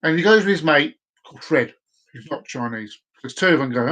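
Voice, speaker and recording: A man hosts a casual live stream with a high voice. He rambles, tumbles over repeated words and keeps losing his place. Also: expressive, fairly quick, a bit bright.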